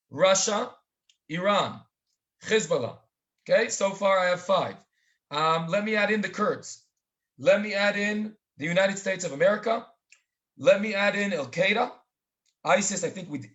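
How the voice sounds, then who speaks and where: Male webinar lecturer, high voice, speaks to the audience as friends, dramatic storytelling. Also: pushed and bright. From Israel. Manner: direct audience address, calls listeners "friends". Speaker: webinar speaker and tour educator. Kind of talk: live online lecture. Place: home near the Syrian border. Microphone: video call.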